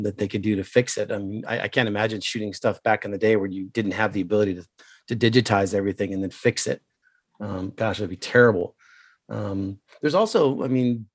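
Male co-host, lowish voice, dry close sound, hesitant casual tech talk, a bit rough today. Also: dry recording. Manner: halting, many ums, shares screen. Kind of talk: casual technical chat.

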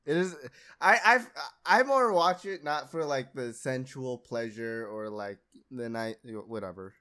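A man's voice: medium pitch, measured pace, pushed and bright, smooth. Laid-back young male podcast host. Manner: laid-back, rambling, laughs often. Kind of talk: casual podcast chat.

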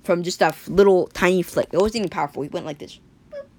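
A woman casually telling an improvised story, rambling and animated, with sound effects. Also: lowish voice, quick pace.

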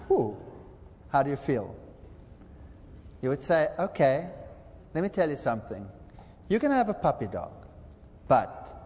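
A man's voice: high voice, big pitch swings, moderate pace, pauses often, darkish tone, in a large hall. A man preaching a sermon lecture, telling a dramatic parable and acting out the quoted lines. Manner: dramatic storytelling with acted-out quotes.

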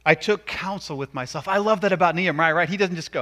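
Bright-voiced male pastor preaching. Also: fairly high pitch, quick pace. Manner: conversational preaching, rising to emphatic. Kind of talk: sermon.

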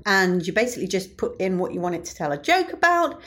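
A woman's voice: mid-range voice, sing-song, fast, few pauses, fairly bright tone. A woman comedian, chatting casually to camera in a dry, sarcastic way and laughing often. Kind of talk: casual vlog chat.

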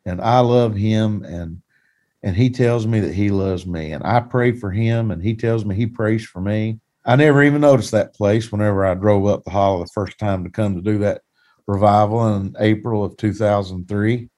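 A man's voice: fairly low pitch, moderate pace, warm tone. A man who is a pastor, telling a personal testimony in a plain-spoken, folksy, earnest way.

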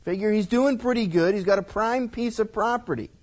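A man's voice: sits high, fairly quick. A male pastor teaching through a Bible passage verse by verse in a casual, explaining way with frequent asides.

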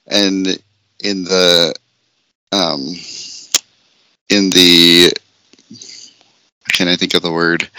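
A man with a fairly low but very bright, forward voice chats casually as a podcast co-host. He jokes around and keeps dissolving into giggles. The recording is dry and close. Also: no room sound. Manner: giggly, jokey, often breaks into laughter.

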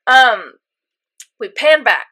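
A young woman chatting casually, retelling an episode with lots of fillers and animated reactions. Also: fairly high pitch, slow pace, breathy edge. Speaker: co-host recapping an anime episode. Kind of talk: casual chat.

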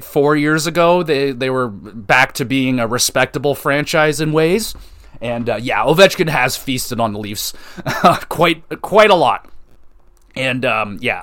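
Young male podcast host, rambling sports fan, swears freely, excitable, medium pitch. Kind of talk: casual solo podcast talk.

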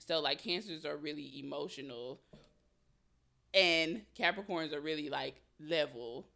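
A woman hosting a podcast, relaxed and chatty in a casual interview, laughing often. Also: sits low, a little slow, gravelly. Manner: relaxed and chatty, with many "like" fillers and frequent laughing. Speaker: podcast host.

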